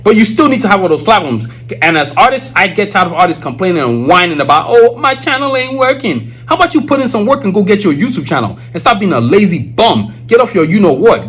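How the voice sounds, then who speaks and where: A man's voice: on the high side, breathy edge, poor audio. A male podcast host giving an emphatic, preachy casual monologue, full of filler phrases.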